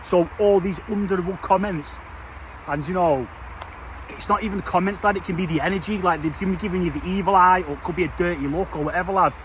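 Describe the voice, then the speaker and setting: A fired-up man with a high-pitched voice delivers a blunt, slangy motivational rant straight to camera. He keeps calling the listener lad and mate. Faint street noise hums behind him outdoors. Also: fast talker, fairly bright tone, poor audio. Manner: passionate, blunt, slangy, peppers every line with "lad" and "mate". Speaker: vlogger.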